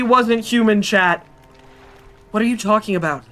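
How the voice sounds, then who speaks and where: A streamer giving excitable, chatty live gameplay commentary, talking to chat and reading game text aloud. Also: medium pitch, unhurried, pauses often.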